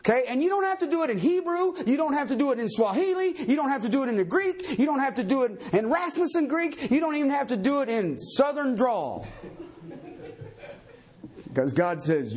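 A male pastor preaching a sermon in an emphatic, animated way, firing rhetorical questions at his church. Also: extremely high pitch, a little fast, slightly rough.

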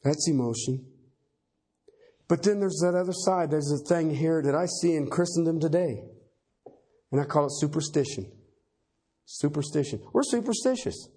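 A man's voice: fairly high pitch, lively intonation, normal speed, long pauses, dark tone, breathy edge. A man preaching a sermon, emphatic and folksy, repeating key phrases for effect.

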